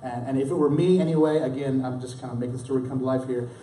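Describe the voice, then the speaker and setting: Rapid-fire and warm-toned, a pastor with a mid-range voice and little pitch movement preaches in a roomy church hall, recorded from a distance with a little hiss or hum. Young adult or middle-aged, he keeps it conversational, with many restarts and dramatically acted quotes.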